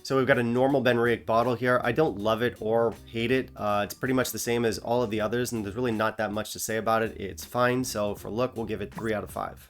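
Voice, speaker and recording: A man's voice: lowish voice, steady tone, fast, few pauses, soft background music. A man talking through a whisky tasting review in a chatty, opinionated way, with joking asides. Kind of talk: casual review vlog.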